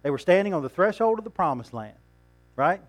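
A man's voice: high voice, big pitch swings, brisk, faint music behind. Man preaching a casual sermon. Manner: conversational preaching with rhetorical questions and chuckles.

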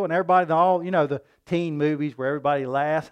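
A man preaching a sermon in a folksy style, often asking his listeners "right?" and loudly acting out the voices of a mocking crowd. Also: on the high side, fast talker, hardly any pauses, smooth. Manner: animated, acts out mocking crowds in loud voices.

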